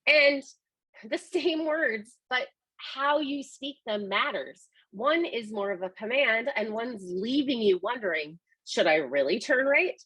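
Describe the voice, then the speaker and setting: Woman, webinar presenter, husky voice, dry close mic, emphatic explainer. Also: fairly high pitch, lively intonation, takes it slowly, sharp tone, no echo, low-quality recording. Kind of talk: scripted presentation.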